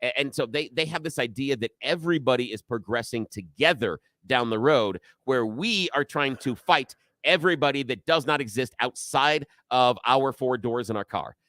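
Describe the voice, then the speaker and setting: Man, radio guest, explains step by step, mid-pitched voice, dry close mic. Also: normal speed, hardly any pauses, a bit bright, no room sound. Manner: explanatory, agreeable, lays out ideas step by step. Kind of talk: casual talk radio chat.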